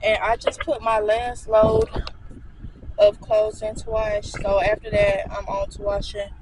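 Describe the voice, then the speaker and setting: A woman's voice: medium pitch, level tone, a little slow. A young woman vlogger chatting casually to her viewers, calling them "y'all" over and over. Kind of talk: casual chat to camera. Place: inside a car. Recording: loud car and road noise.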